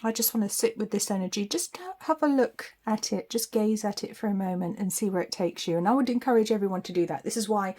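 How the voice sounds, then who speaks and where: A woman's voice: medium pitch, quick pace, hardly any pauses, dark tone. A woman giving a weekly psychic tarot forecast in a chatty, spiritual way, laughing often.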